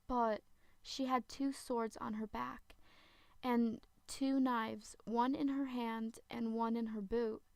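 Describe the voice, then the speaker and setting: A woman reading her own first-person horror story aloud in a plain, unhurried amateur style. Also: a little high, no echo.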